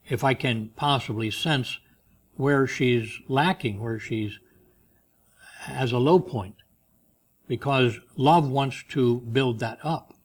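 A man delivers a sermon in a conversational preaching manner, at a mid-range pitch. He reads passages aloud with rising emphasis, then drops into soft, offhand asides. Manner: conversational preaching, swinging between loud emphasis and quiet asides. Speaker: pastor.

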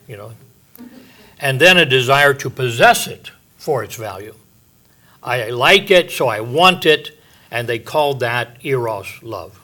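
An older man preaching in a relaxed, conversational way, explaining scripture as a pastor would. He slips in homey asides and "you know"s and slows right down to lean on the words he wants to stress. His voice sits at a mid pitch for a man. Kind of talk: sermon, verse-by-verse Bible teaching.

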